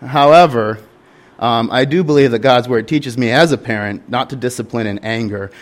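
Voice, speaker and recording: A man's voice: medium pitch, moderate pace. Earnest young male pastor preaching. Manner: earnest, candid storytelling with frequent restarts. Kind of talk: sermon.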